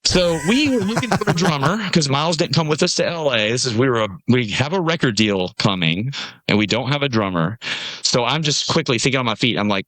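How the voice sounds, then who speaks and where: On a dry recording, a man from Nashville, USA, speaks briskly in a mid-range voice. As a podcast guest, he tells a long story in relaxed conversation, animatedly performing the voices of those he quotes.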